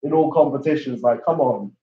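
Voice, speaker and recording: A man's voice: medium pitch, brisk, mellow. A young man with a London accent, co-hosting a football watchalong, brash and swearing freely. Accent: London English. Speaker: fan channel co-host. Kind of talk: casual football watchalong chat. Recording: roomy, distant, dull lo-fi sound.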